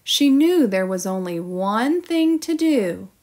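A woman teacher reading a children's storybook aloud in an expressive, storytelling manner. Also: a little high, takes it slowly.

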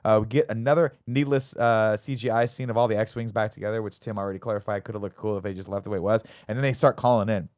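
A man hosting a casual podcast, recapping a film quickly and dropping into jokey mock voices for the characters. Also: fairly low pitch, dry recording, studio quality. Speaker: podcast host. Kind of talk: casual movie recap chat.

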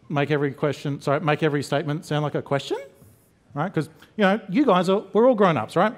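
A man from Queensland with an Australian accent, giving a conference talk and joking with the audience as he explains. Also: a little high. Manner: jokey, addresses the audience with quick questions. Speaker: conference speaker. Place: conference hall.

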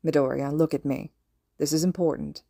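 A woman reading the part of a weary, gruff adult male teacher in a fan audiobook, speaking low, quiet and measured. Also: steady tone, no echo, clean studio sound. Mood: gentle, serious.

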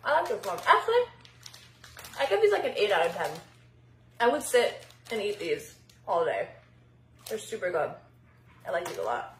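A woman's voice: mid-range voice, big pitch swings, moderate pace, long pauses, roomy sound. A woman casually reviewing snacks on camera, chatty and giggly, sometimes talking with her mouth full. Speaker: snack taster.

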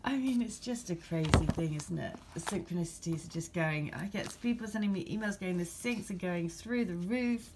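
A woman with a gravelly, low-pitched English voice talks through a spiritual card reading for her viewers. She reads the card meanings in an even way, then breaks into excited chat with bursts of laughter. A faint hiss sits under her voice. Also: moderate pace, hardly any pauses. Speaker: tarot and oracle card reader.

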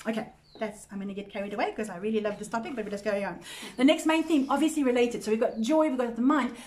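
A woman with a fairly high but darkish voice leads a Bible study for a church women's group, speaking fast in a steady tone. Her manner is earnest and conversational, with frequent repeated words and check-ins with the group.

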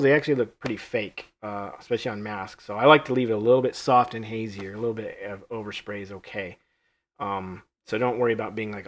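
A man's voice: medium pitch, a bit bright. A man hosting a live mask-painting tutorial, thinking aloud as he works, easygoing and rambling, with small jokes at his own expense. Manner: easygoing, rambling, self-joking; thinks aloud while working. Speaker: mask artist demonstrating painting.

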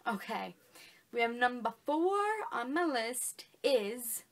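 A young woman with a fairly high voice chats about books in a casual vlog. She gushes and gets emotional, tossing in "like" and "literally" all the time. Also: animated, takes it slowly, background noise. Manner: gushing, emotional, says "like" and "literally" a lot. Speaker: book vlogger. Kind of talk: casual chat.

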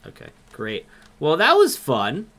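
A young man with a Minnesotan accent, commenting on a game live and reading its text aloud in an excitable, jokey way. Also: a little high, a little slow. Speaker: streamer.

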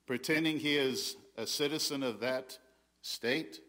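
A man's voice: mid-range voice, unhurried. A man with a Southern American accent preaching a sermon as pastor, emphatic and often restarting his sentences. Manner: emphatic, rising loud on quoted scripture, frequent restarts.

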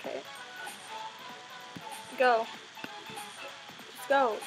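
A young woman with a high, bright voice talks through a game in a loose, rambling way. She giggles often and jokes at her own expense. Faint music plays softly under her voice throughout. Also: steady tone, measured pace, long pauses, poor audio. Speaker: gaming channel host. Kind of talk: casual gameplay commentary. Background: music playing in the background.

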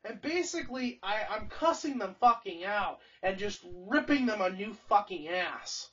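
A young adult live streamer rambles through a long grievance, cursing freely and stumbling into restarts. The voice sounds a little husky and sits well back from a muffled, lo-fi microphone. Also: medium pitch, animated, normal speed, pushed and bright. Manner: heavy swearing, angry, restarts a lot. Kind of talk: casual rambling storytelling. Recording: distant, dull lo-fi stream audio.

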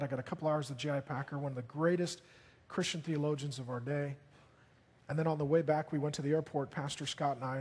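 Animated pastor in a reverberant hall. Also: male voice, on the high side, breathy edge. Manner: animated, jokey storytelling with bursts of excitement. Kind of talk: sermon storytelling.

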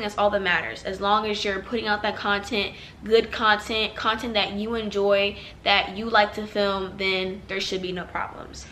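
A woman's voice: medium pitch, gravelly, pushed and bright, slight background noise. A young adult woman giving casual vlog advice to new YouTubers, chatty and loose, full of "like" and "y'all". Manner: chatty, heavy use of "like" and "y'all". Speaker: YouTuber giving channel tips.

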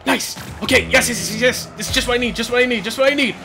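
A young man giving live commentary over his own gameplay, excitable, repeating words in rapid bursts and yelling at tense moments. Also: very high voice, creaky, background noise. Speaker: gaming YouTuber.

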